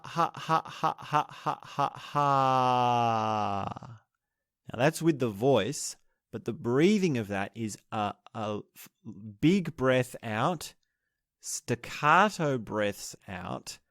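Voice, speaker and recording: Slow, measured male breathing teacher. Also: medium pitch, no echo, studio quality. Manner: explains step by step, demonstrating laughter breathing aloud; slow, measured delivery with restarts. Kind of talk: spoken lesson on breathing techniques.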